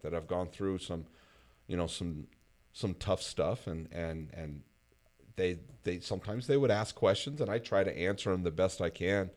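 A man's voice: sits low, darkish tone. A man hosting a casual conversation, talking reflectively with frequent fillers.

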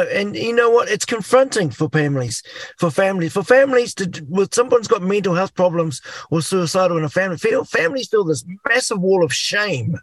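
NZ-accented middle-aged male guest, lively storyteller, high-pitched, dry studio sound. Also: dry recording. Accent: New Zealand. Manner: animated, acts out inner voices. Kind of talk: casual chat.

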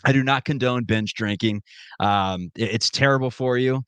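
A man's voice: mid-range voice, moderate pace, clean tone, no room sound. Male podcast host, young adult, from Ohio, ribbing banter, dry close-miked sound. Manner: joking storyteller, ribbing banter. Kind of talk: casual podcast chat.

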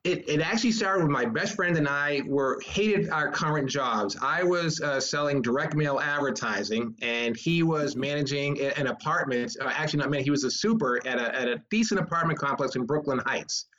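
A man from the US East Coast, a guest on a podcast, telling stories in a rambling, halting way with many restarts. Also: on the high side, fairly bright tone, highs cut off. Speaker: guest, filmmaker and author. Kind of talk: casual interview chat.

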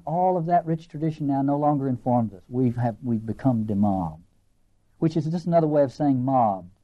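Earnest Southern American man lecturing. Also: medium pitch. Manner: earnest, emphatic, swings between slow deliberate lines and quick asides. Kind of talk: literature lecture. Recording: dull lo-fi lecture recording.

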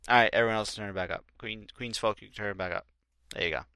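A man co-hosting a podcast in casual chat, blunt and opinionated and quick to laugh. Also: fairly low pitch, sharp tone, clear, resonant tone, dry recording, studio quality. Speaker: podcast co-host.

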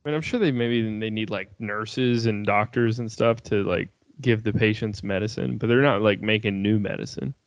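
A man's voice: on the low side, normal speed, few pauses, no echo. A young man in casual chat, laid-back and swearing, laughing easily.

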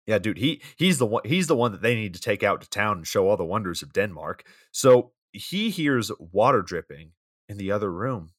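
A man's voice: on the low side, very animated, normal speed, a bit bright, no room sound, clean studio sound. A man co-hosting a casual podcast, recapping a bad movie scene by scene in a rambling, profane, wry way. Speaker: podcast co-host.

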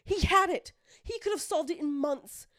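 A woman co-hosting a true crime podcast, talking fast and heatedly, swearing often and acting out what people said. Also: very high-pitched, fairly bright tone, no echo, clean studio sound. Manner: heated, swears a lot, acts out quotes. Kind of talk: casual chat.

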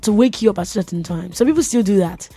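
A woman's voice: medium pitch, fast, dark tone, slightly rough, no echo. A woman from Nigeria, hosting a casual radio tech show and chatting playfully with her listeners, laughing often. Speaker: radio host.

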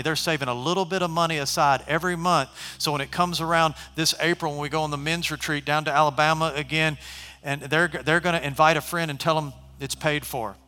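A man preaching a sermon, telling stories casually and at times shouting. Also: fairly high pitch. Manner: animated, shifts from conversational to shouting. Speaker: pastor. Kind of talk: sermon storytelling. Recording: long hall reverb.

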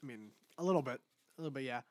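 A man's voice: medium pitch, lively intonation, rapid-fire, no echo. A young man co-hosting a casual podcast, telling profane stories and acting out the people in them. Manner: profane storyteller, acts out quotes. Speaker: podcast co-host. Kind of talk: casual chat. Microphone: desk mic on camera.

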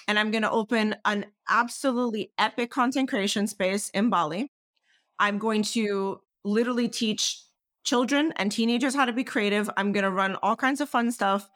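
A woman's voice: mid-range voice, fairly bright tone, no room sound, studio quality. A woman, a podcast guest talking passionately and emphatically, swearing freely. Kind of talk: candid conversational interview.

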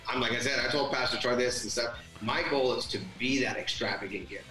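Man, rambling storyteller, bright forceful tone, echoey room with faint music behind. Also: medium pitch, fast. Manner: rambling storyteller, acts out quoted dialogue. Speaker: guest. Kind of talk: casual podcast chat.

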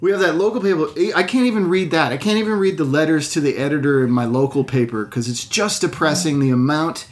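A man with a slightly high voice talks on a video call, open and self-deprecating about his low mood. He trips over his words and restarts sentences often, in a loose, candid chat. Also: fairly quick, few pauses. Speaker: actor. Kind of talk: casual chat.

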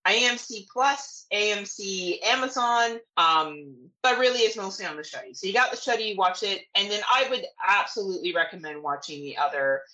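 A woman's voice: medium pitch, lively intonation, normal speed, hardly any pauses, bright, forceful tone, poor audio. A young woman from Canada co-hosting a horror podcast, chatting casually, playful and crude, often laughing. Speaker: podcast co-host. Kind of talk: casual chat.

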